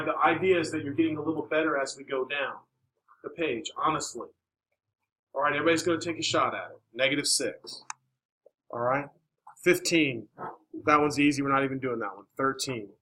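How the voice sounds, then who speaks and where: A man's voice: on the high side, a little fast, bright, forceful tone, a little hiss or hum, poor audio. A man teaching a math class, speaking in a classroom, coaxing students with questions and encouragement. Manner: encouraging, coaxing questions, many "all right"s.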